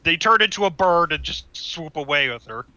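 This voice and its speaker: Man player with a very bright, sharp voice over a dull, lo-fi mic. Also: a little high, lively intonation, a little fast, dry recording. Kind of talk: tabletop game play.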